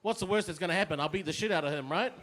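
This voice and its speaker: A man's voice: high-pitched, racing, noisy background. A young man performing a crude, self-mocking stand-up set on a pub stage. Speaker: stand-up comedian.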